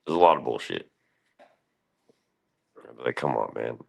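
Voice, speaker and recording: This very deep, gravelly male voice sounds animated and moves at a normal pace. He's broadcasting on his own stream, restlessly skipping between ideas in a rambling, foul-mouthed monologue.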